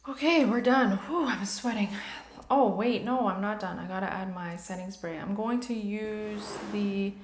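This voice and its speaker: A woman's voice: mid-range voice, a little slow, echoey room. A woman in her thirties chatting candidly to camera while doing her makeup, opening up about personal matters. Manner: candid, chatty, emotional at times. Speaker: beauty vlogger.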